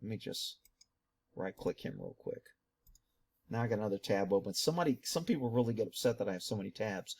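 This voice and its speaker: A middle-aged man hosting his own channel, reading viewer comments aloud and answering them in a chatty, animated way with muttered asides. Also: mid-range voice, fast. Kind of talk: casual commentary.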